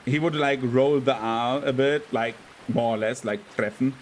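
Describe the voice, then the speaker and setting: A young man talks through a game stream, rambling from one thought to the next with plenty of fillers. His voice sits at an ordinary middle pitch. A faint hum of background noise runs under him. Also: steady tone, measured pace. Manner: rambling, full of fillers, bursts into panicked yelps while playing. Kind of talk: casual gameplay commentary.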